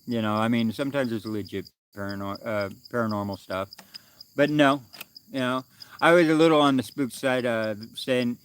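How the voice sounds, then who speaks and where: A man's voice: mid-range voice, a bit bright, smooth. A man chatting casually on a livestream, rambling loosely with many fillers and restarts, recorded outdoors at a night camp. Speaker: livestream vlogger.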